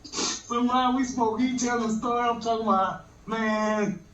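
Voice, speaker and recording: High-voiced man telling a rambling story. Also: steady tone, moderate pace, fairly bright tone. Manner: rambling, laughing often, repeats "man" and "he say". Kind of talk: casual storytelling. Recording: roomy, dull lo-fi sound with faint noise.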